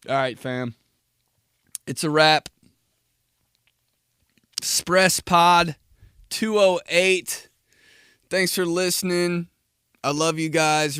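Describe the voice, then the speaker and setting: A young man hosts a casual solo podcast in a smooth voice that is a little high and fairly bright. He rambles through profane stories and laughs at his own jokes. The studio sound is clean, with no echo.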